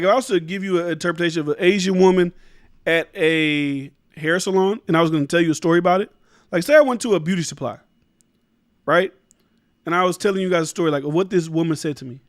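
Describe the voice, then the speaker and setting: A high-pitched man runs his own commentary show, delivering casual opinions in an emphatic, rambling manner. He curses freely and frequently starts sentences over, recorded dry with clean studio sound.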